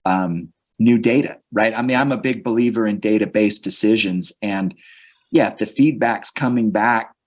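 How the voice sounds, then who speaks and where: A man's voice: fairly low pitch, normal speed. A man speaking as a guest on a leadership podcast, earnest and reflective, often restarting his sentences. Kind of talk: conversational interview.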